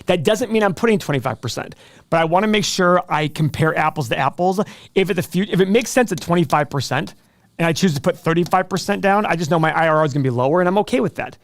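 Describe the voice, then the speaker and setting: Middle-aged male host, slightly high voice, dry close sound, joking and self-mocking. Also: expressive, no room sound. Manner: joking, self-deprecating, quick asides. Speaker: show host answering viewer questions. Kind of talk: casual livestream chat.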